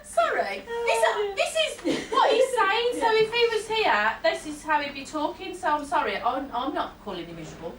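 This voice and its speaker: A woman's voice: sits high, sing-song, normal speed, hardly any pauses. A woman working as a psychic medium, giving a chatty reading to a live audience. She laughs often and breaks off with apologetic asides. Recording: roomy hall, distant mic, faint noise.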